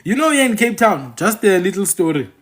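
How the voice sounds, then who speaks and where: A man's voice: sits high, sing-song, a little fast, a bit bright. A man with a South African accent who hosts a channel, giving an opinionated monologue to his viewers and repeating phrases for emphasis. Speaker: channel host and commentator.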